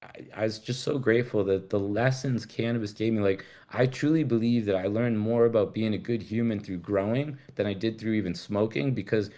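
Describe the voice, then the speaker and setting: A man's voice: lowish voice, brisk, few pauses, dark tone. A middle-aged man from the United States, a guest telling rambling, candid stories in casual chat, swearing freely. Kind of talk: casual storytelling interview.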